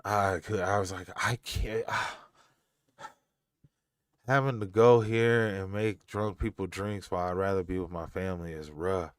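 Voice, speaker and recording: A man's voice: deep voice, fairly even intonation, a little slow, no room sound, clean studio sound. Slangy laid-back man on a live stream. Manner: loose, slangy, laughing often. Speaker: podcast host reading live chat. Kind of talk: casual live-stream chat. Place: home.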